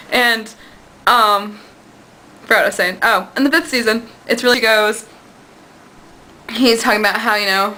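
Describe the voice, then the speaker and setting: A woman's voice: on the high side, a little slow, pauses often, pushed and bright, low-quality recording. A woman rambling to the camera in a casual vlog, gushing and giggly, and acting out quoted lines in bouncy voices. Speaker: vlogger.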